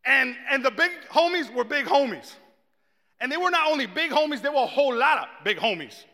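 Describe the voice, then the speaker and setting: Male preacher, high and bright, animated storyteller who acts out his quotes; long hall reverb. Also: a little fast. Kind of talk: storytelling sermon.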